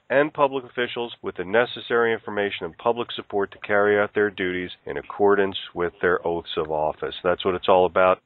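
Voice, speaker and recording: A man's voice: lowish voice, no echo. A man hosting a radio talk show, interviewing a guest in a sympathetic tone and making plugs for a group. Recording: tinny phone-like, dry.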